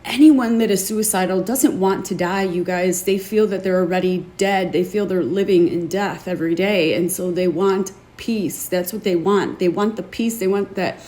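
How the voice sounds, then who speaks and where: A woman's voice: fairly low pitch, moderate pace, few pauses, warm tone. Earnest woman sharing a personal story. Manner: earnest and emotional, confiding. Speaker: podcast host. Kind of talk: candid personal testimony to an online audience.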